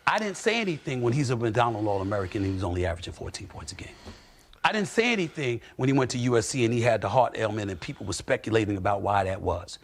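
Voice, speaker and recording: A man giving sports commentary on TV with forceful, repetitive, preacherly emphasis. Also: mid-range voice, a little hiss or hum.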